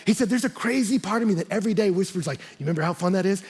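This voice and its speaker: A man's voice: high-pitched, rapid-fire, few pauses, darkish tone, breathy edge. A man preaching a sermon as a pastor in a church, talking conversationally and acting out quotes and asides.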